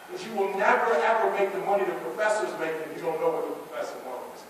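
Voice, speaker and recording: A man giving a motivational speech to students, preachy and direct, swinging between loud challenges and hushed asides. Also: high-pitched, quick pace, few pauses, a little hiss or hum. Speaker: motivational speaker. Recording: echoey hall, mic from far off.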